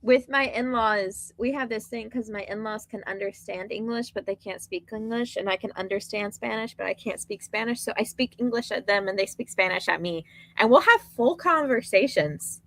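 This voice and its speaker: A woman's voice: medium pitch, moderate pace, dry recording. A woman chatting casually on a livestream, telling wry stories with laughing asides. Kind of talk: casual chat.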